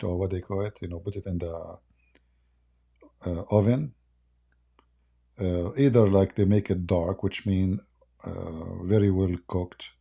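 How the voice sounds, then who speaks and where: Gravelly, husky man mocking on a livestream. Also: fairly low pitch, mellow. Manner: mocking, sarcastic banter with frequent laughter. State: hoarse, losing his voice. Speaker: livestream debate host. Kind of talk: casual livestream chat. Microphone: close desk microphone.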